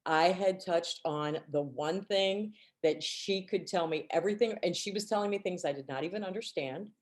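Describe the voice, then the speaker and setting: Chatty lowish-voiced woman telling stories. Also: moderate pace. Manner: chatty storyteller who acts out quotes with a raised pitch. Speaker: team director and book club co-host. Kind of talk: casual chat and reading aloud.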